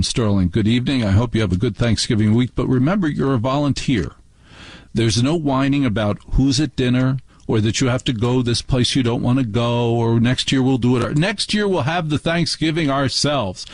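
Husky man telling a radio story. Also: dry recording. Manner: animated, shifts pitch for quoted relatives. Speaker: radio show host. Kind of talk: storytelling monologue.

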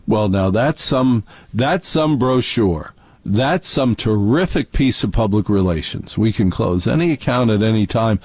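A man's voice: mid-range voice, sing-song, a little slow, darkish tone, breathy edge, dry recording. A man hosting a call-in radio show, ranting with indignant sarcasm. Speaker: radio talk show host. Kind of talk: talk radio monologue and call-in.

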